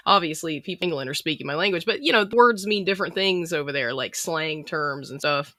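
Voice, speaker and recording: Guest from Florida, light Southern drawl, bright tone, easygoing. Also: medium pitch, fairly quick, no echo, studio quality. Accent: slight Southern US drawl from Florida. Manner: easygoing and unsure, hedges a lot. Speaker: guest, video maker. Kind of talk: casual conversation.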